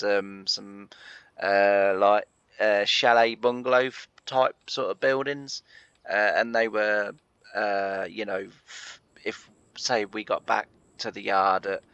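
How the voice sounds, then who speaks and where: Gravelly man telling a rambling story. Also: on the low side, fairly bright tone, no echo, muffled recording. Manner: chatty, full of fillers, laughs at his own story. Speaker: farming game channel host. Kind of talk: rambling anecdote while playing a farming game.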